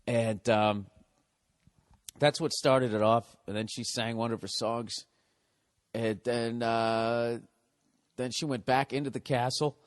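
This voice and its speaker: A comedian hosts his podcast with a casual storytelling rant, his pitch sitting in the middle of the male range. He swears constantly and sounds exasperated. He stops to correct himself and restart the story mid-sentence. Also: fairly even intonation, takes it slowly, long pauses, no echo, clean studio sound. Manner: profane, exasperated, heavy swearing.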